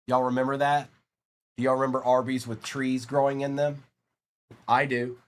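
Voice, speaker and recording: A man's voice: mid-range voice, little pitch movement, normal speed. A man from Virginia hosting a live card break stream, rattling off player names and chatting with viewers between pulls.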